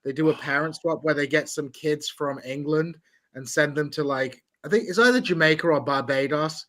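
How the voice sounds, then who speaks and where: A man chatting on a podcast, slightly higher in pitch than most men. He tells anecdotes and often starts a sentence over before finishing it. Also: moderate pace, bright, forceful tone. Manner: chatty, restarts sentences, storytelling. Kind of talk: casual podcast chat.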